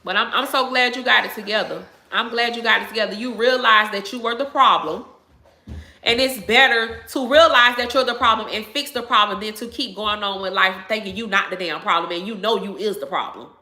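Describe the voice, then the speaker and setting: A woman's voice: mid-range voice, brisk, sharp tone. A woman in her thirties, a YouTube host chatting to her viewers, blunt and preachy, swearing freely and repeating her points. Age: 30s. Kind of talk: casual chat to viewers. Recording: echoey room.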